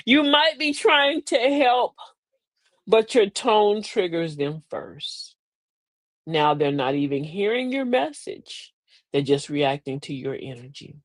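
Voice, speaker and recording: A woman's voice: fairly low pitch, animated, slow pace, dry recording. A middle-aged woman hosting a live motivational talk, folksy and preachy, with emphatic delivery. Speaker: host.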